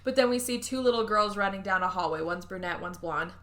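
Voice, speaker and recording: A woman hosting a podcast, recapping a movie in casual chat, animated and swearing, acting out the characters' lines. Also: mid-range voice, fairly quick. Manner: animated, swearing, acts out quotes. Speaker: podcast host.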